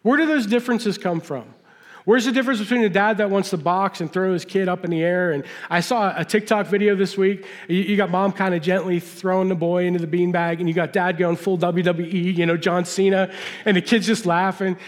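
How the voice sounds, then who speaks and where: A man's voice: sits high, steady tone, brisk. A middle-aged man preaching a sermon, telling folksy personal stories and asking the audience questions. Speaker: pastor. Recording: long hall reverb.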